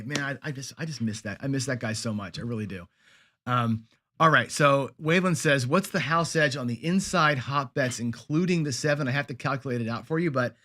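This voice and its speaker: A man's voice: medium pitch, a bit bright. A middle-aged man hosting a live lesson show, chatting casually with viewers and answering their comments, with lots of fillers and restarts. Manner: conversational, many fillers and restarts. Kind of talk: casual livestream teaching, reading viewer comments.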